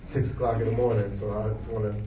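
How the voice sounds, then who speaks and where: A man in his forties, an actor being interviewed, telling stories in an animated, jokey way. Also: on the low side, fast talker, a crowd in the background. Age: 40s. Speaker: actor guest. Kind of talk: casual interview. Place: event hall with an audience. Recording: echoey hall, distant mic, noise.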